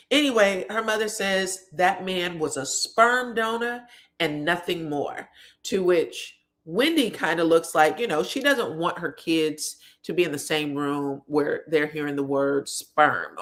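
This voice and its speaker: A woman's voice: fairly low pitch, fairly bright tone. A woman casually recapping a reality show in a chatty way, with frequent asides to her viewers.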